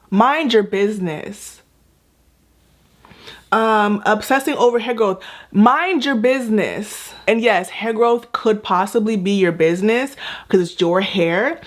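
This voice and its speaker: A young woman hosting a casual hair-care reaction vlog, chatty and playful with emphatic repetitions. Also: medium pitch. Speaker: natural hair vlogger.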